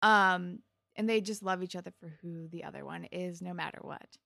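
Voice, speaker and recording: A young woman chats casually as co-host, retelling scenes with quick quoted lines and plenty of "like". Her voice has a gravelly fry at the ends of phrases. The sound is dry and close. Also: on the low side, bright, forceful tone, dry recording. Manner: chatty retelling full of "like", quick put-on quotes. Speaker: podcast co-host. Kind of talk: casual chat recapping a TV episode.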